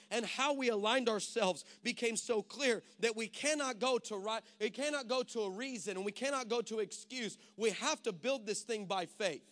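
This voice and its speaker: A man's voice: very high-pitched, fairly bright tone. A male pastor preaching a sermon in an emphatic, punchy way.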